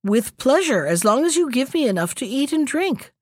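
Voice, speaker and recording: A woman's voice: high-pitched, very animated, normal speed, dry recording. Storybook drinker, unbothered and easy, woman reading, dry close sound. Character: man who drinks rivers dry, unbothered.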